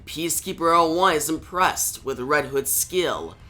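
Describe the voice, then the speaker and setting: Bright-voiced man recapping a comic. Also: a little high, a little slow. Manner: plain, matter-of-fact retelling with slips. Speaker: comic book reviewer. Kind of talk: plot recap narration.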